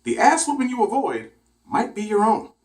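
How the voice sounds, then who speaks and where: A man's voice: high-pitched, normal speed, far from the mic, a little hiss or hum. A man who drives for a rideshare service tells a comedic story in an exaggerated, profane way. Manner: animated, profane, exaggerated retelling. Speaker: rideshare driver telling stories.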